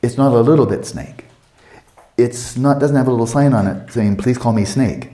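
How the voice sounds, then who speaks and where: A man's voice: mid-range voice, normal speed, warm tone, roomy sound. An older man giving a meditation teaching at a retreat, conversational and playful, acting out little quotes.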